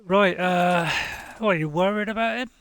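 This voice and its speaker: A man's voice: sits high, moderate pace, fairly bright tone, slight background noise. A middle-aged man hosting a gaming video, chatting casually with his daughter as they play, rambling and poking fun at himself. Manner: rambling, self-deprecating, chuckling. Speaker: gaming channel host, playing with his daughter. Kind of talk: casual co-op gameplay chat.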